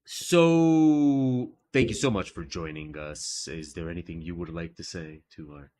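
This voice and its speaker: A man's voice: low voice, a little slow, darkish tone. A man hosting a live art stream in casual chat, playful and jokey, often laughing at himself.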